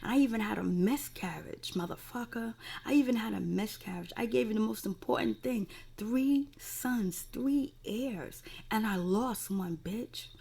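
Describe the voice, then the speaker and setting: A woman's voice: a little high, unhurried, gravelly, hardly any pauses, dark tone, slightly rough, heavily acted. A woman voicing a fierce, furious woman who confronts her ex with cursing.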